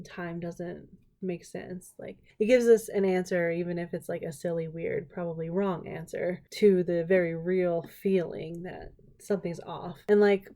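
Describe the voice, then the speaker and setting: A woman hosting a casual solo podcast, chatty and jokey, full of "like" and quick asides, often laughing. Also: lowish voice, mellow. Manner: laughs often and slips into silly put-on voices. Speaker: podcast host.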